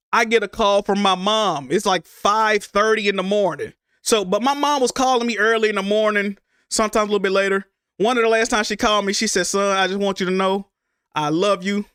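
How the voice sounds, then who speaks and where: Casting note: young man, high voice, halting and emotional storyteller, dry close mic. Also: fairly bright tone, smooth, no room sound. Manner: emotional, halting retelling with repeated words. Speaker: streamer. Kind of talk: casual storytelling to stream viewers.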